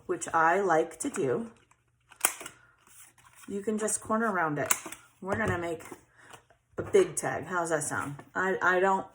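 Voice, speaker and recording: A woman's voice: medium pitch, fairly bright tone, a little hiss or hum. A chatty woman, hosting a casual crafting tutorial and often checking in with "okay?".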